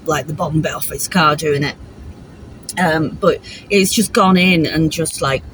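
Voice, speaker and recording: Woman, low-pitched, chatty vlog talk, rambling with fillers, faint noise behind. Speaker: vlogger. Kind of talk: casual vlog chat.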